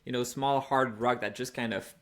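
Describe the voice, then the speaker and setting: A man hosting a running podcast, asking questions in a casual, halting way with frequent restarts. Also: medium pitch, steady tone. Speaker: podcast host. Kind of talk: casual interview.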